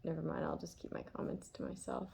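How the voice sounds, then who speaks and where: Gravelly, chatty woman tarot reader. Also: low voice, huge pitch swings, fast, darkish tone, slight background noise. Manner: chatty, laughs often, lots of fillers. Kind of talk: casual tarot reading monologue.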